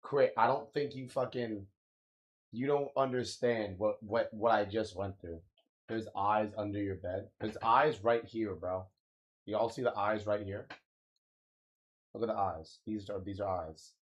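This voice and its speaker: A young man chatting casually on a live stream, slangy and swearing, venting about lag and reacting with drawn-out "wow"s. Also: on the low side, steady tone, highs cut off. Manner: loose, slangy, swears often, exclaims "wow" a lot; frustrated, ranting about lag.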